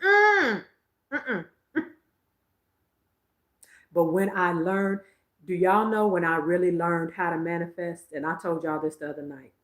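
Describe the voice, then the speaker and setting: Animated woman in her fifties, echoey room. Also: lowish voice, moderate pace. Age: 50s. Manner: animated, emphatic, laughs often. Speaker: psychic livestream host. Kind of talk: casual livestream chat.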